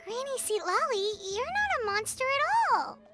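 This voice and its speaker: A tiny, cheeky floating sidekick in a game, chirping in a very high, childlike voice. She teases in bouncy, sing-song lines at an unhurried pace, with clear game music behind her. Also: very animated. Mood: chirpy, teasing.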